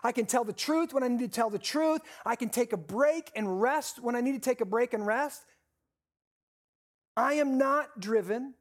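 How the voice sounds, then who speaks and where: With a mid-range voice, a pastor delivers a sermon full of repeated, emphasized phrases, easing the pace on important lines and putting questions to the congregation.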